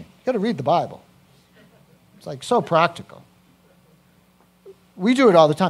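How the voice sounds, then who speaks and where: A man preaching a sermon as a pastor, animated, swinging from quiet to loud with personal asides. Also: a little high, moderate pace, pauses often.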